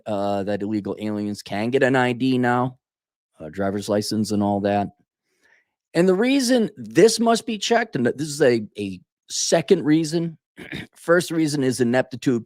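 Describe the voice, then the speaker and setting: A man's voice: mid-range voice, darkish tone, dry recording, studio quality. A man from Minnesota delivering an opinionated solo commentary, ranting and often correcting himself mid-sentence. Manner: opinionated, ranting, with frequent self-corrections and asides. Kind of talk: opinion monologue.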